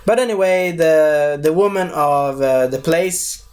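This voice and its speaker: A man's voice: fairly high pitch, unhurried, darkish tone. A man giving a casual spoken movie review, rambling, losing his thread and correcting himself as he goes.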